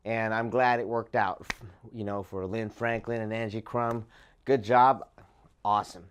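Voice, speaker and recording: A man hosting a show, introducing clips in a halting, casual way with many fillers. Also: on the low side, fairly even intonation, a little hiss or hum. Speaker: show host and producer.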